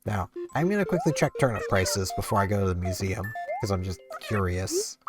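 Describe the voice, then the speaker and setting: A man's voice: low-pitched, sing-song, brisk, loud music behind the voice. A sleepy man rambling chattily through casual gameplay commentary. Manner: rambling, chatty, easily amused. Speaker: gaming channel host.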